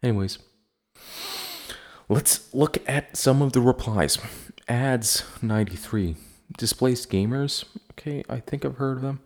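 A man's voice: mid-range voice, unhurried, long pauses, a little mellow. A man hosting a podcast in casual chat, blunt and profane as he rants. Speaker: podcast host.

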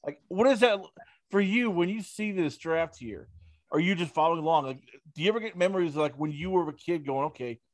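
Animated man hosting an interview, fairly high. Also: brisk, no room sound, clean studio sound. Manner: animated, acts out reactions in quoted voices. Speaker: interview host. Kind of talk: casual interview.

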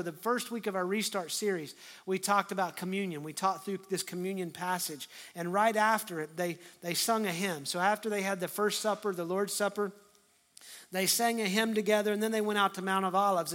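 In a fairly high voice with fairly even intonation, a middle-aged pastor preaches at a fairly quick pace. He dramatizes scripture dialogue with feeling, and his delivery falls to a hush before climbing back to loud, forceful lines.

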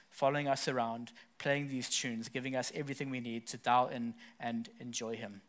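A man delivering a church sermon with a middle-pitched, ordinary voice. He builds to loud, passionate emphasis on key phrases, then drops to a softer, intimate tone as he moves into prayer. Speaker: pastor. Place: church service.

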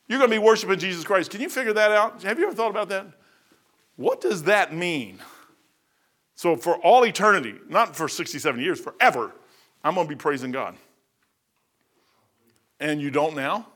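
Preacher guy, middle-aged, folksy and worked up, bright slightly high voice. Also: normal speed, long pauses. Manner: folksy and animated, rising to emphatic high peaks. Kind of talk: sermon.

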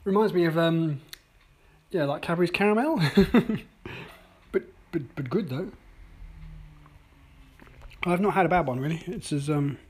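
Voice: mid-range voice, measured pace, pauses often, darkish tone, slightly rough. Rambling chatty vlogger. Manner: rambling and chatty, with many ums and self-mocking asides. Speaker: vlogger tasting coffees. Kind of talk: casual daily video diary. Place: at home, indoors.

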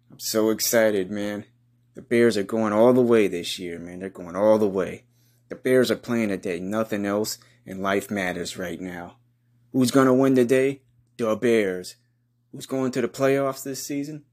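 A man hosting a comedy podcast, giving a crude, boastful hype monologue full of rowdy trash talk and loud whoops. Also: fairly low pitch.

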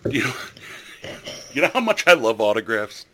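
A man's voice: medium pitch, very animated, moderate pace, fairly bright tone, a little hiss or hum. A man hosting a podcast in casual chat, chatty and enthusiastic with a rambling way of telling stories. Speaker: podcast host.

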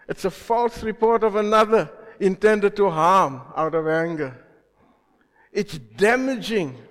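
A man with a high voice delivers a slow, deliberate sermon. He quizzes his listeners as he goes and drops from loud stresses to near murmurs. The long reverb of a church hall trails after his words. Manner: asks the congregation questions, swings from loud emphasis to quiet. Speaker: preacher.

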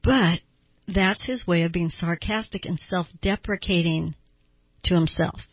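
A middle-aged woman talks through her radio show in a relaxed, conversational way, and her voice sits a little low and husky. She slips into quick impressions of other people when she quotes them. The sound is close and dry, with a slightly dull, lo-fi broadcast quality. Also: no echo. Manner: chatty, explanatory, acts out quotes with a raised voice. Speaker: radio talk host and counselor. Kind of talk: conversational talk radio monologue.

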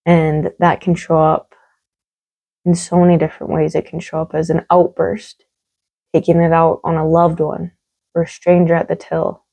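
Woman podcast host with a low, fry-edged mellow voice; frank, emphatic solo talk with freely dropped swear words. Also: monotone, moderate pace, low-quality recording.

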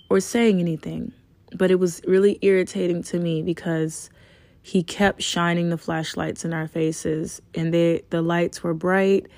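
A young woman in her twenties casually telling a personal story, frank and profane, with animated retelling. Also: fairly low pitch, no room sound. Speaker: storyteller sharing a personal experience.

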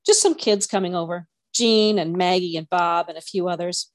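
A woman's voice: on the low side, moderate pace, close to an everyday voice. A woman reading as an eager teenage girl. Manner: eager, breathless. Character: teenage girl, hopeful, shy heroine.

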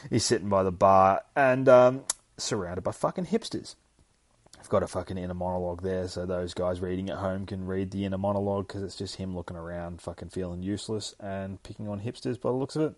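A man's voice: sits low, a little fast. A young man hosting a podcast, retelling a comic book in an offhand, profane, laughing way. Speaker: podcast host.

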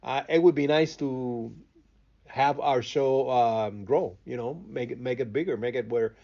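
A man from Cuba speaks English in a relaxed interview. He hesitates, repeats himself and pauses to find words. The audio is slightly muffled. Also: mid-range voice. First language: Spanish. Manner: hesitant, many fillers and restarts while searching for words. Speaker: radio host, interview guest. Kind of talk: casual interview talk.

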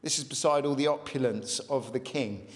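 A man preaching a sermon, emphatic, swinging between raised intensity and quiet reflection. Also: mid-range voice, normal speed. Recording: long hall reverb.

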